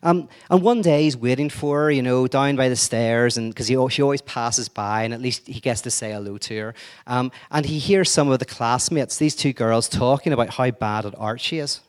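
A man's voice: mid-range voice, moderate pace. A man giving an informal lecture in a conversational way, joking and acting out quoted speech.

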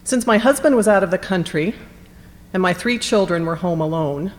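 Composed woman, lowish voice. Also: big-room sound. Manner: measured, composed storytelling. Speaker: education professor. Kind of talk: prepared personal testimony.

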